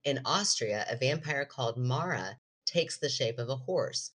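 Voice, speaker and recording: A woman's voice: very deep voice, expressive, measured pace, a bit bright. A woman co-hosting a podcast in casual chat, playfully teasing and reading aloud from a book. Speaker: podcast co-host.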